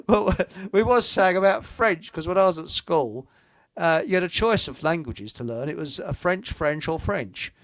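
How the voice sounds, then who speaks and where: A man's voice: fairly high pitch, animated, measured pace, fairly bright tone, no room sound. An older man hosting a casual radio chat, rambling and joking as he reads out listener comments. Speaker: host.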